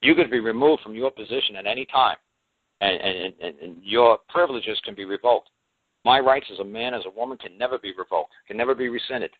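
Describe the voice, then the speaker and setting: A man's voice: lowish voice, fairly quick, dry recording. A man speaking as a talk show guest in a folksy, emphatic monologue, often acting out the voices of the people he quotes. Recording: tinny phone line, dry.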